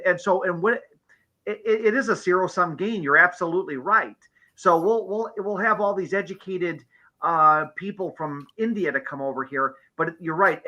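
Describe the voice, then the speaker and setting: A man's voice: high-pitched, sharp tone, poor audio. A man in a casual live-stream discussion who talks emphatically, agrees often and keeps checking with "you know what I'm saying".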